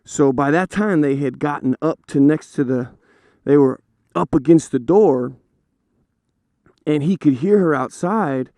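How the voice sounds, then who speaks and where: A man's voice: a little high, measured pace, dark tone, dry recording. A man casually telling a story to camera, chatty with frequent fillers and laughs. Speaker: storyteller host. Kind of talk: casual anecdote told to camera.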